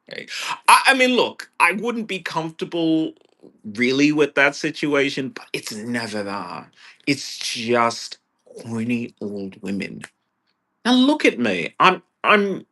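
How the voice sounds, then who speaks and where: Male vlogger, slow delivery, swearing and exasperated, drops to mutters then flares up. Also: medium pitch. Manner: profane, exasperated, swings from mutters to loud bursts. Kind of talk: rambling personal rant.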